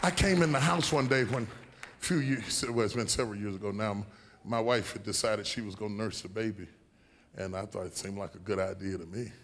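A man preaching a sermon to a congregation. He builds into shouted, half-sung preaching and breaks into long counting runs. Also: fairly low pitch, steady tone, a little fast, some chatter behind, a little hiss or hum. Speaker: pastor.

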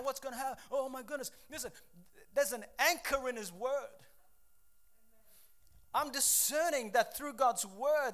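Male pastor, high tenor, fervent sermon delivery. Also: fairly bright tone. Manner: preaching with rising intensity, quoting scripture.

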